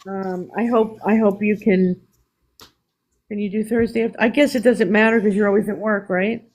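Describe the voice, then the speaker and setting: A woman's voice: medium pitch, fairly even intonation, moderate pace, a little mellow, low-quality recording. New york lady chatting on a live stream, candid, keeps restarting her words. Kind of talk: casual chat on a live stream.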